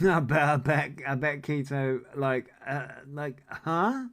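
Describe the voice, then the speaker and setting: A man's voice: a little high, slow, a bit bright. A man in his forties hosting a casual livestream, reading viewer comments and ranting in a sweary, incredulous, rambling way. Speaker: livestream host.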